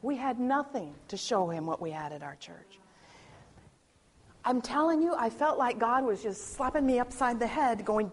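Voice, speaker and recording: A woman with a high voice tells a personal testimony. She tells it with animation, acts out the voices of the people in the story, and often stops and restarts her sentences. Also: moderate pace, breathy edge. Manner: animated storytelling with acted-out quotes and frequent restarts. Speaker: churchgoer sharing a personal testimony.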